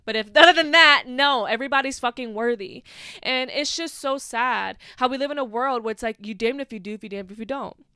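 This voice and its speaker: A woman's voice: a little high, a little fast, sharp tone, smooth, dry recording, clean studio sound. A young woman hosting a casual solo podcast, talking passionately and profanely, with lots of filler "like" and "you know.". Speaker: podcast host.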